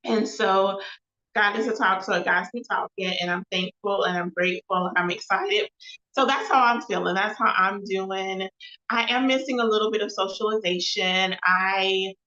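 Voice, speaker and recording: A bright-voiced woman chats on her own livestream, looping back over phrases and calling her viewers y'all. The sound is echoey and a little dull, like a home room picked up by a basic mic. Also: medium pitch, normal speed. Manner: chatty, repeats phrases, addresses viewers as y'all. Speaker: host of a live show and podcast. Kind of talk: casual livestream talk with faith references.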